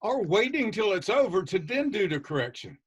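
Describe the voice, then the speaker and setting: A man's voice: high-pitched, sing-song, fairly quick, husky, muffled recording. A man speaking on an educators' panel, emphatic and blunt, repeating points for stress. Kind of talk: passionate panel discussion.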